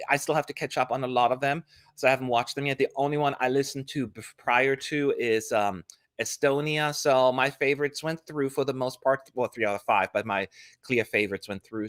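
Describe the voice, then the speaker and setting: A man co-hosting a casual podcast chat over a video call, expressive and opinionated, laughing often. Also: mid-range voice, no room sound, studio quality. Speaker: co-host.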